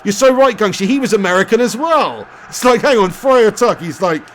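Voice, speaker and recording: A man's voice: high-pitched, lively intonation, brisk, a bit bright, slight background noise. A young man, a gaming streamer, chatting casually on a live stream, laughing often and reading out chat messages.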